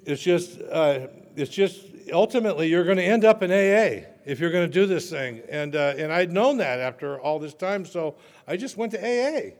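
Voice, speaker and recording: A man's voice: a little high, expressive, fairly quick, darkish tone. A man sharing his recovery story at a meeting, conversational with self-mocking humor. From Southern California. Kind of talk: personal testimony talk. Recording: long reverb in a hall.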